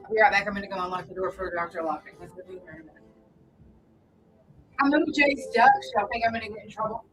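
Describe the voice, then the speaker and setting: A woman's voice: medium pitch, fast, fairly bright tone, soft background music, low-quality recording. A woman hosting a casual morning radio show, chatty and rambling as she greets listeners by name. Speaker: radio host. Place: radio studio.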